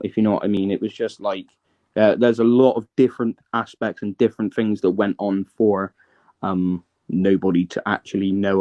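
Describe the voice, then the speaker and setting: A man's voice: lowish voice, a little mellow, lo-fi sound. A man, a guest in a casual live-stream interview, telling his story in a rambling, hesitant way and often checking that the listener is following.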